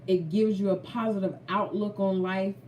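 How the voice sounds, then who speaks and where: A woman's voice: mid-range voice, steady tone, normal speed, darkish tone, far from the mic, slight background noise. A woman giving a heartfelt faith talk to her viewers, earnest and preachy, repeating lines for emphasis. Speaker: vlogger. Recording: roomy, from off-mic.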